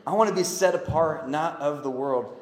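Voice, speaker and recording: A man preaching a sermon, swinging from loud emphatic calls to quiet earnest pleas. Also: a little high, moderate pace. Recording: echoey hall.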